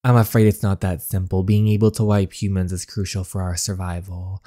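A man voicing a calm, polite young male vampire in a story game, gentle and reassuring. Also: deep voice, fairly quick, voice pushed down, close to an everyday voice.

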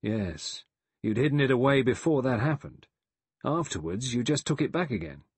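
A man's voice: mid-range voice, lively intonation, normal speed, husky, no room sound, voice pushed up. A man doing a stolid, suspicious man. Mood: accusing. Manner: stolid, blunt, accusing. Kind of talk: audiobook character voice.

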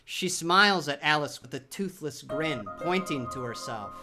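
A narrator telling a horror audio drama in a vivid, scripted storytelling style, voice pitched in the middle but very animated. Music plays clearly behind the narration. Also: moderate pace. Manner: vivid, storytelling delivery with sound-effect shouts.

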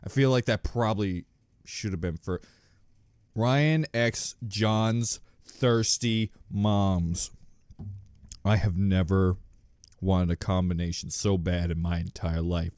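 A man's voice: sits low, slow pace, darkish tone, clean tone, no echo, clean studio sound. A man hosting a reaction video in casual commentary, joking crudely and often laughing at his own jokes. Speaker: reaction channel host.

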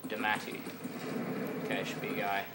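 Man joking over loud gameplay. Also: lowish voice, completely flat delivery, moderate pace. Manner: joking, rambling banter with viewers. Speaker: gameplay commentator. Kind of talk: casual gaming commentary. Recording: loud game noise behind.

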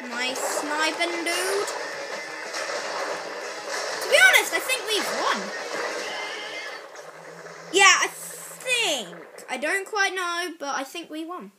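A woman giving excitable live gameplay commentary and reacting loudly to the game. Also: very high-pitched, slow pace, long pauses, poor audio. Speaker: gaming channel host. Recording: loud game music behind voice. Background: loud video game music.

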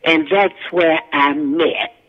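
A woman's voice: low-pitched, steady tone, slow pace, dull audio. An older woman, a guest actress and singer, telling stories from her career in a folksy, country-spoken way. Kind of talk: casual storytelling interview.

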